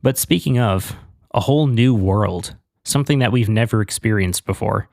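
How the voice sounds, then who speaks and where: A man with a low, gravelly voice chats eagerly as a podcast co-host, wandering through his thoughts with plenty of fillers. The sound is dry and close. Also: normal speed, a little mellow, dry recording. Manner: enthusiastic, rambling with fillers. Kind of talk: casual chat.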